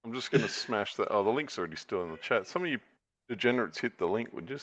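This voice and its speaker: A man's voice: fairly low pitch, expressive, fast, fairly bright tone. A man hosting a livestream, teasing his guest and reading out viewers' comments. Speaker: livestream host. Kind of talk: casual livestream chat.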